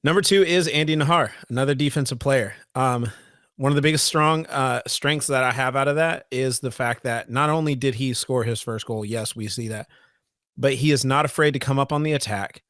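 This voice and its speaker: A man's voice: medium pitch, a little fast, a bit bright, no echo. Eager man chatting on a podcast, dry sound. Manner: enthusiastic, restarts and repeats words often. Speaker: podcast co-host. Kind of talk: casual sports podcast chat.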